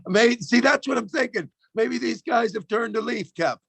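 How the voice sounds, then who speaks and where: A man's voice: very high-pitched, normal speed, vocal fry, a bit bright, husky, no echo. A man co-hosting a call-in show, chatting loosely and comically, swearing and laughing as he goes. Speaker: comedian co-host. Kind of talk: casual comedic chat.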